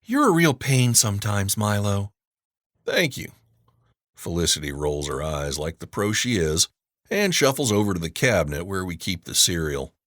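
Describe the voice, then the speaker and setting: Deep, gruff male audiobook narrator. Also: a bit bright, dry recording, clean studio sound. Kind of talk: scripted first-person narration.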